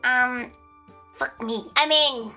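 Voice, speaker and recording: A woman's voice: high-pitched, slow, pushed and bright, soft background music. A young woman livestreaming, chatting casually with viewers in a playful, giggly, chaotic way with crude jokes.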